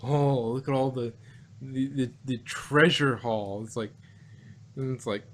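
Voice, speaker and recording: A man co-hosting a casual review chat, rambling and halting with many restarts. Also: medium pitch, steady tone. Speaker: podcast co-host.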